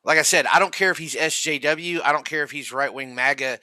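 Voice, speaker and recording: Furious profane man with a very bright voice. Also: a little high, a little fast, dry recording. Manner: profane, furious, mocking ranting. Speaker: commentary host. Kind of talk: angry reaction commentary.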